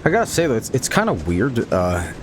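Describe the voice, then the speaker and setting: A man's voice: medium pitch, wildly swooping pitch, brisk, noisy background. A man streaming a horror game, making rambling jokes and chatting between moments. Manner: joking, rambling asides. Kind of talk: casual gameplay commentary.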